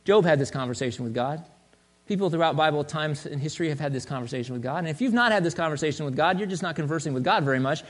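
A male pastor preaching a sermon in a conversational, joking way, swinging between loud and soft. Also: on the high side, animated, racing.

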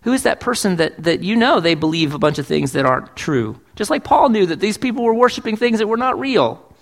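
Brief: pastor giving a sermon, emphatic, fairly high-pitched man's voice. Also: very animated, fairly quick, creaky. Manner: emphatic, asks rhetorical questions, acts out quotes. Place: church.

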